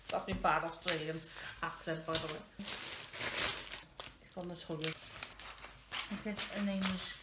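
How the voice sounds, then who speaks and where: While wrapping presents at home, a woman in her thirties vlogs, chatting casually and rambling with self-mocking humor. Her voice is on the low side and steady, at a moderate pace with long pauses, in an echoey room with clear background noise.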